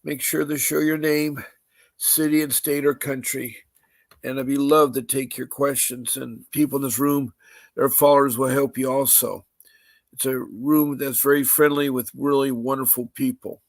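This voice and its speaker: This podcast host, a man with a mid-range voice and flat delivery, reads housekeeping notes on a live-streamed show. He halts, leans on many fillers, restarts, and slowly repeats details. The recording is dry.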